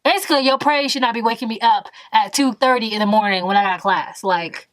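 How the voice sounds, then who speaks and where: A woman in her twenties telling a story in a vlog, animated and emphatic, full of exasperation. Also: fairly high pitch, brisk, no echo. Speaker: vlogger.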